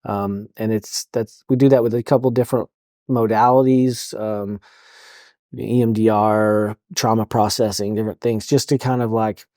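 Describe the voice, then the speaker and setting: Male counselor guest, mellow dark tone, casual, halting speech full of "um" and "like". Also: medium pitch, no room sound, studio quality. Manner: halting, full of fillers and restarts. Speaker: counselor for police officers. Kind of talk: casual podcast interview.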